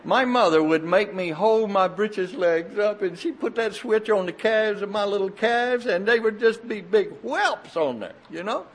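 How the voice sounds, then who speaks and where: An older man preaching a sermon, telling folksy stories in an animated, emphatic way. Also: high-pitched, measured pace, few pauses.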